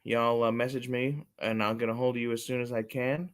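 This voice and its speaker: A man's voice: mid-range voice, level tone, a little fast, clear, resonant tone. A man livestreaming from his phone, chatting to his viewers in a rambling, swearing, casual way about his toy collection. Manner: rambling, profane, talks straight to chat viewers.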